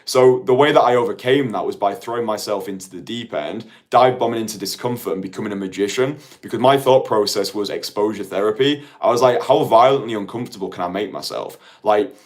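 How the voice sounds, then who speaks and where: A man's voice: fairly low pitch, a little fast, few pauses. A man in his late twenties, a dating coach talking casually to viewers in a rambling way full of "like". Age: late 20s. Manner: chatty, rambling, heavy use of "like".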